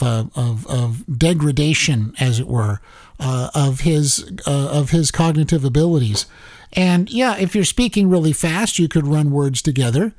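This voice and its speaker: A man's voice: a little high, dry recording. Dry-voiced talk show host, a man. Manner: animated, repeats words and restarts. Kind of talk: political commentary.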